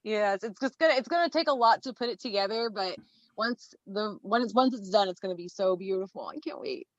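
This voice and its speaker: A woman guest in casual podcast chat, bubbly and excitable, with frequent fillers. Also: mid-range voice, fairly quick, no room sound. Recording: dull, dry lo-fi sound.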